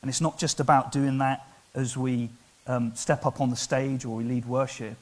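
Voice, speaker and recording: A man with an English accent preaching a sermon in church, earnest and conversational, building to loud, emphatic passages. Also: medium pitch, flat delivery, moderate pace. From England. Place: church hall.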